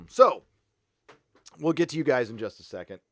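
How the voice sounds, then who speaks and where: A man's voice: fairly high pitch, wildly swooping pitch, a little slow, fairly bright tone, breathy edge, dry recording. A man hosting a casual livestream, talking bluntly and profanely in a loose, rambling way. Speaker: livestream host.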